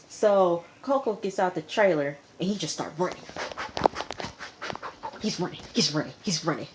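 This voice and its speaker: Lively woman recapping a TV episode. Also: fairly low pitch, moderate pace, pauses often, a little hiss or hum. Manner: animated, dramatic retelling with repeated phrases. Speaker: TV episode reviewer. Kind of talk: casual vlog recap.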